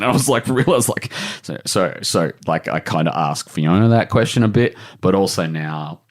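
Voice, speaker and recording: A man's voice: sits low, lively intonation, moderate pace, hardly any pauses. An Australian man in his forties, a guest on a podcast, talking earnestly and rambling with lots of fillers. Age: 40s. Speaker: author guest. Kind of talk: emotional podcast interview.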